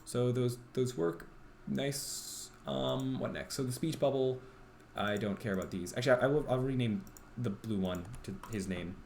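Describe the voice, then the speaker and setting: A man's voice: mid-range voice, normal speed, vocal fry, darkish tone, slight background noise. A man streaming while he works on a game, thinking aloud in a rambling way with many ums and restarts. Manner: rambling, self-talking, full of ums and restarts.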